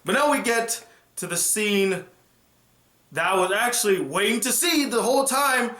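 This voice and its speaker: Male TV reviewer, high and bright voice, excitable retelling, echoey room. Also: normal speed. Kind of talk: casual reaction review.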